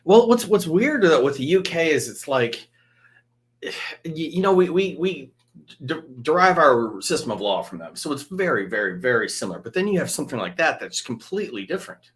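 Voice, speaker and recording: Emphatic male attorney with halting restarts. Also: medium pitch, very animated, fairly bright tone. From Northern Michigan. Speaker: guest, litigation attorney. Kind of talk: casual chat over drinks.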